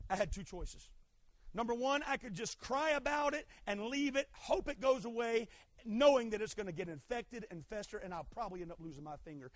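A middle-aged man preaching a fervent sermon, swinging between shouted lines and quiet asides. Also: high-pitched, no echo. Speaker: pastor.

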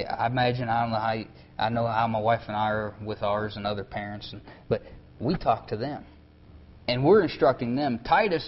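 A preacher with a fairly high voice, talking to his congregation in a plain, conversational way. He often drops to a softer tone to press a point home. The recording sounds dull and lo-fi. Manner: conversational, drops to soft tones for emphasis. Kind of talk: sermon.

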